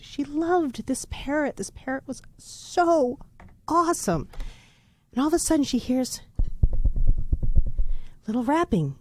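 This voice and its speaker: Animated woman telling a joke. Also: high voice, measured pace, long pauses. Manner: animated storyteller. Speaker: podcast co-host. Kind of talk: casual chat, joke telling.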